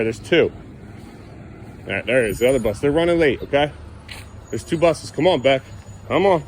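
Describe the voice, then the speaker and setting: A man's voice: mid-range voice, a little hiss or hum. A man talking casually to his young son as a father, playful and coaxing, teasing him now and then.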